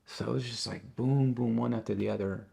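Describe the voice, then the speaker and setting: A middle-aged man, a musician being interviewed, talking in a halting way and often repeating and restarting his words. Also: medium pitch, fairly even intonation, creaky, dark tone, husky. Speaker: interview guest, tribute band musician. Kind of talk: casual interview conversation.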